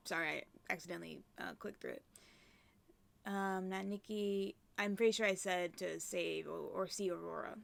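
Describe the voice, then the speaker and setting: A woman's voice: fairly low pitch, steady tone, moderate pace, gravelly. A woman giving casual gameplay commentary, chatty and often dropping into murmured, whispered asides. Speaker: let's play creator.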